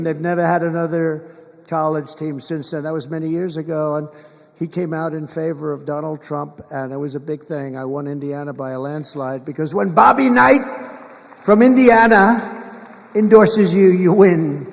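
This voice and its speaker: Give me a man in his seventies at a campaign rally, with a fairly high, gravelly voice that rings out through the long reverb of a large venue. He rambles emphatically from one point to the next and keeps repeating his phrases for effect. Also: a little mellow. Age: 70s. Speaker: political candidate.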